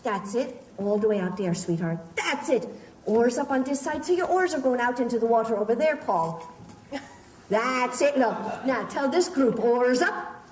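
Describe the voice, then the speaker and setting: A woman with a slightly high, expressive voice and a darkish tone speaks at a normal speed, leading a live audience through a pirate-themed show. She dotes on her volunteers theatrically, calling them love and darling. Faint crowd sounds and noise come through a distant, echoey room recording.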